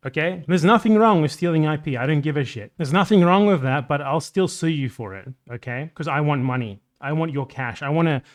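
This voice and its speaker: A man's voice: a little high, a little fast, few pauses. A man hosting a livestream, reacting to a clip with blunt, sarcastic, profane commentary. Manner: blunt, sarcastic, swears freely.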